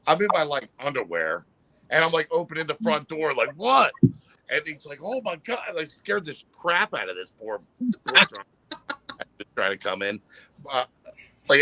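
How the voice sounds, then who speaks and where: A man's voice: medium pitch, bright, forceful tone, rough recording. A man from New Jersey, a guest on a casual chat show, telling stories animatedly and swearing freely.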